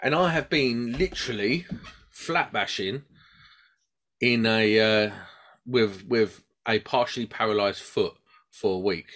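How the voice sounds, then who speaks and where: A man's voice: lowish voice, a little slow. A man with a British accent chatting casually, telling a long rambling story and acting out the voices of the people in it. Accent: British English. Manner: rambling and animated, acts out voices in his stories.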